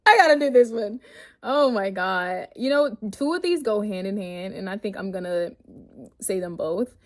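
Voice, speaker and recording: A woman's voice: medium pitch, expressive, normal speed. A woman vlogger reading her own notes aloud in a casual rant, blunt and profane, often breaking into laughter.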